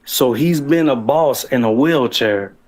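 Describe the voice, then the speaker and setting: A man's voice: medium pitch, measured pace. A man telling his own story as a guest on a livestream, rambling and profane, with frequent restarts.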